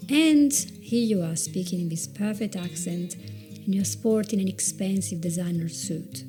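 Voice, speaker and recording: A woman's voice: medium pitch, dark tone. Chatty woman giving advice. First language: Italian. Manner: chatty, self-mocking, repeats words while thinking. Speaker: video presentation coach. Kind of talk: conversational advice talk.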